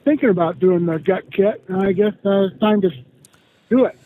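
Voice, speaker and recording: Man, high voice, hesitant caller, tinny phone line, dry. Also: moderate pace, a little hiss or hum. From Montana. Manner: hesitant, many fillers and restarts. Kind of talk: call-in question. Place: calling in by phone.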